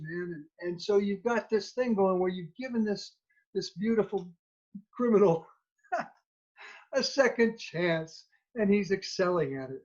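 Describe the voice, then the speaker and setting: A man telling an animated anecdote as a children's musician, acting out the dialogue as he goes. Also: high-pitched, unhurried, pauses often. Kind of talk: storytelling anecdote. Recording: dull lo-fi recording.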